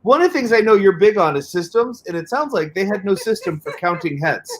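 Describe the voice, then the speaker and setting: A man's voice: high-pitched, lively intonation, brisk, a crowd in the background. A man hosting an interview, chatting casually and teasing his guest with laughing interjections. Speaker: host.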